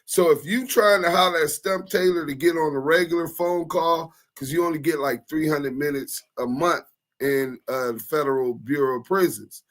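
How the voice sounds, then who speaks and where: A man co-hosting a casual talk show, with a voice pitched a bit higher than most men. He tells a story in loose street slang and slips into other people's voices to act out what they said. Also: normal speed. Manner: animated, slangy storyteller acting out quoted voices. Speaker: co-host.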